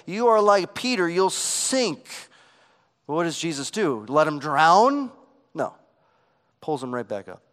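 A pastor preaching a sermon, swinging between emphatic passages and hushed, quiet ones. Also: male voice, high voice.

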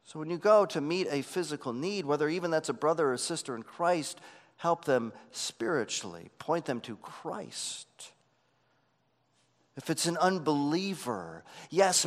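A man's voice: fairly high pitch, a bit bright, long reverb tail. A man preaching a sermon as pastor, earnest and emphatic, often repeating words as he starts a phrase.

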